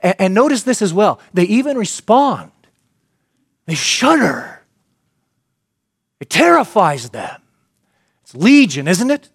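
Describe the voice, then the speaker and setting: A man preaching a sermon, telling a story and building to loud, emphatic peaks. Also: sits high, very animated, takes it slowly, creaky, long pauses, slightly rough, no echo, studio quality. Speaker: pastor.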